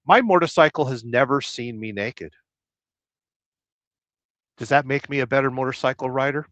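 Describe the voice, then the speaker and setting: Man rambling deadpan jokes on a livestream. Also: mid-range voice, moderate pace, no room sound. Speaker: livestream host. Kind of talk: casual livestream chat reading comments. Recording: dull lo-fi dry sound.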